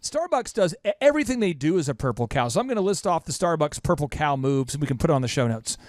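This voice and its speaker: A man's voice: fairly high pitch, very animated, fast talker, dry recording, clean studio sound. A man hosting a business podcast, talking emphatically and repeating lines for punch. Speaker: podcast host. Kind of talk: energetic business podcast talk.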